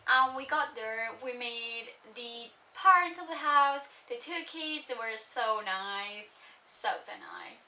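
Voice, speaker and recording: Young woman, high and bright, rambling vlog story, roomy sound set back from the mic. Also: slow, recorded from a distance. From Spain. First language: Spanish. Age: young adult. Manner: chatty, rambling, full of "like". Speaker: vlogger. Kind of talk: casual storytelling.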